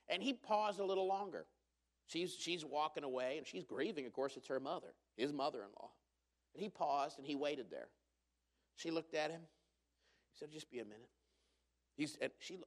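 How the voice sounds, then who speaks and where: A middle-aged man preaching to his congregation in a church auditorium, with a slightly raised pitch. He tells family stories with jokes, loose and chatty, full of "uh" and restarts. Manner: storytelling with humor, many fillers and restarts. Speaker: pastor. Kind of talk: sermon.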